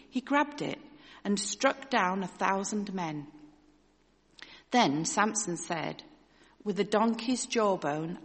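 A woman reading a scripture passage aloud in church at a measured, steady pace. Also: medium pitch. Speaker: scripture reader. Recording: long hall reverb.

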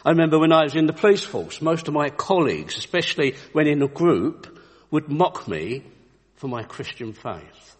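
Husky man giving a devotional talk. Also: a little high, sing-song, normal speed. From United Kingdom. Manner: storytelling, earnest. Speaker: Christian speaker. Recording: long echoey reverb.

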